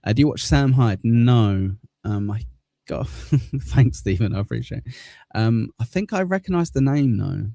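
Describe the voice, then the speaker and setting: Gravelly southern English man, laid-back. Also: mid-range voice, lively intonation, a little slow, mellow, dry recording, studio quality. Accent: southern English, near Cockney. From southern England. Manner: rambling, laid-back, swears casually. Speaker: livestream host. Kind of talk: casual chat reading viewer comments.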